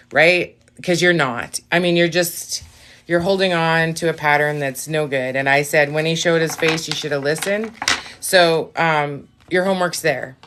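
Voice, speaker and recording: Blunt, swearing woman reading live. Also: low voice. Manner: blunt, swears freely, talks straight to viewers; bursts of excitement, then drops to a quiet aside. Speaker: live-stream tarot reader. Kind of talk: casual live-stream reading.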